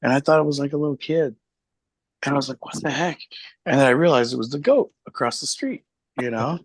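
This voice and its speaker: A man's voice: mid-range voice, expressive, fast talker, no echo. A man, a guest who owns a hobby shop, chatting casually on a live stream and telling rambling stories with frequent laughs.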